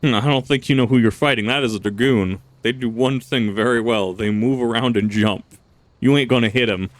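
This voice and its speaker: A gaming channel host gives casual let's-play commentary while playing a video game, rambling, joking, laughing often and swearing. His voice sits at a medium pitch and moves briskly, and the recording is dry.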